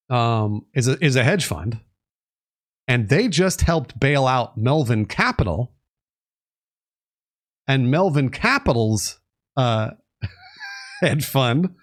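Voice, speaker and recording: A man talks to his live-stream audience in a loose, rambling way, breaking off to read passages aloud. His voice moves up and down a lot. He restarts sentences and throws in a curse now and then. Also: medium pitch. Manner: rambling, reads articles aloud, restarts and fillers, occasional swearing. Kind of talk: casual live-stream commentary.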